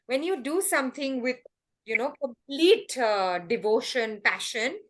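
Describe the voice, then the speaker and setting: A middle-aged woman answers questions as a coach. Her voice sits high and she talks with animated energy, acting out quotes in small put-on voices. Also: a little slow. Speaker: host and happiness coach. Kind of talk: coaching answers on a group call.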